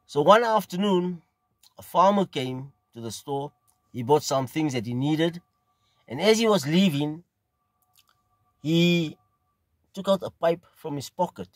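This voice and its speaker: A middle-aged man from South Africa with a South African accent, telling a casual, rambling story at an unhurried pace and often repeating phrases. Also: on the high side, expressive, no room sound. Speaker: pipe smoking video host.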